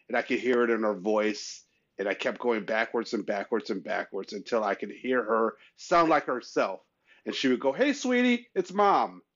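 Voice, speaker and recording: A man co-hosting a casual chat show, telling personal stories earnestly and acting out quoted voices. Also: highs cut off. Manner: earnest storyteller, acts out quoted voices with rising pitch. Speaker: podcast co-host.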